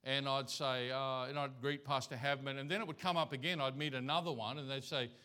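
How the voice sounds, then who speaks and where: A man's voice: medium pitch, fairly even intonation, a little fast, bright, forceful tone, clean tone. A male pastor giving a conversational sermon in church, telling folksy stories and anecdotes.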